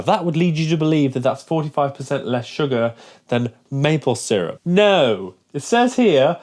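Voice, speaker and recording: A man's voice: medium pitch, darkish tone. A young man talking casually to camera in a vlog, ranting with mock outrage. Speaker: fitness vlogger.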